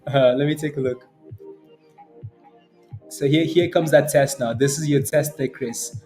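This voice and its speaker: Male trading streamer, higher pitch, casual chatty commentary, laughs a lot, faint music bed. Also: unhurried, mellow. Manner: chatty, answers chat, laughs often, many fillers and "right?". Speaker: day trading livestream host. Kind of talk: casual live market commentary.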